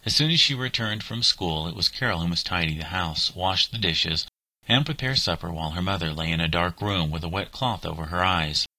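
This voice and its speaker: Deep-voiced man reading a storybook. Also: fairly quick, sharp tone, dry recording, low-quality recording. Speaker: narrator.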